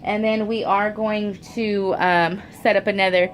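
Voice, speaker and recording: In an unhurried, level, mid-range voice with a little background hiss or hum, a woman chats to her camera at home. She's a mother of four who rambles, restarts, and uses fillers, sounding homey with an occasional "y'all."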